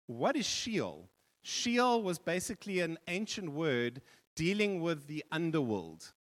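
A man with a fairly high voice preaches a sermon to his congregation. He talks in a loose, conversational way, often restarting and adding asides. His words ring out with a long reverb that fills the church hall. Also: sing-song, a little slow, a bit bright. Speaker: pastor.

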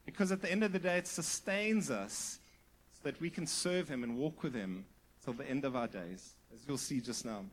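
A man's voice: medium pitch, lively intonation, moderate pace, a little hiss or hum. A male pastor preaching a sermon with emphatic repetition, often asking the congregation questions. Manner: emphatic, rising to near-shouted repetition.

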